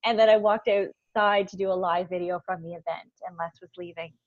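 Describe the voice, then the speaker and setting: A woman guest in an interview, telling a personal story in a heartfelt, animated way, with frequent laughs and lots of "like" fillers. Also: fairly low pitch, brisk, dry recording, lo-fi sound. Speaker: guest, event founder.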